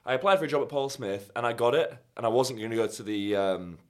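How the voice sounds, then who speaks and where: A man's voice: medium pitch, quick pace. A young man hosting a podcast in casual chat, teasing his guest and laughing often. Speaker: podcast host.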